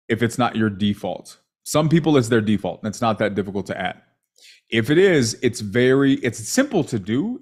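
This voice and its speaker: Brief: male sales coach, animated and emphatic, reviewing a call. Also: on the low side. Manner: emphatic, animated, asks "right?" constantly.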